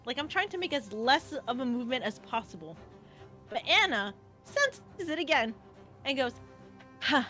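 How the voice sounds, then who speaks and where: A woman telling a funny story on a livestream, animated and swearing freely as she acts out what people said. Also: high-pitched, moderate pace, soft background music. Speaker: guest co-streamer. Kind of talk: casual storytelling chat.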